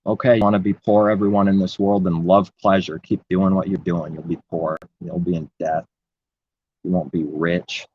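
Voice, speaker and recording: Man, deep voice, husky, preachy rambling monologue, dull lo-fi recording. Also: little pitch movement, normal speed, dry recording. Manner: preachy, rambling, repeats phrases. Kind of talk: impassioned religious monologue.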